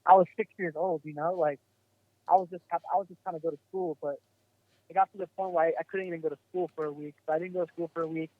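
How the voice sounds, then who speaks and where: A man's voice: on the high side, steady tone, quick pace. A man telling a story as a podcast guest, rambling casually with lots of "like" and swearing. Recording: tinny phone-like sound.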